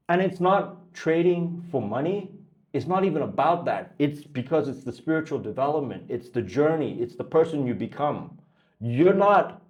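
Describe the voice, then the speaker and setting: A man's voice: medium pitch, darkish tone, highs cut off. A man coaching traders in a blunt motivational talk. He swears freely and keeps pushing the listener with repeated questions. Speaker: trading coach.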